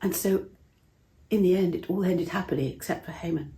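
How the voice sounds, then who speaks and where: Gentle lady reading bible stories to kids, lowish mellow voice. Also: brisk, a little hiss or hum. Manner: gentle, asks the listener questions. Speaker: children's Bible storyteller. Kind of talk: storytelling to children. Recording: roomy echo.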